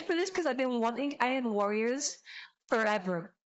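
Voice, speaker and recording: A young woman streamer reacting out loud, her voice sitting a little high as she rambles excitably and swears freely. Her casual commentary runs loose and unpolished, with talk that tumbles forward in bursts. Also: normal speed. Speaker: VTuber streamer.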